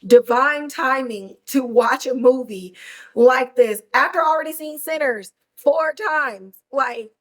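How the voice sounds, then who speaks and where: A woman hosting a podcast, recapping a film in animated, slangy, casual chat. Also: high-pitched, takes it slowly, poor audio. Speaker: podcast host reviewing a film.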